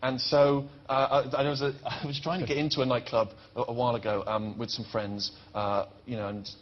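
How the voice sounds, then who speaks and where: A man's voice: mid-range voice, flat delivery, fairly quick. A man telling a rambling, self-deprecating story as a talk show guest, full of fillers. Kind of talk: chat show anecdote. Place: TV studio with live audience. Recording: muffled TV broadcast with audience noise.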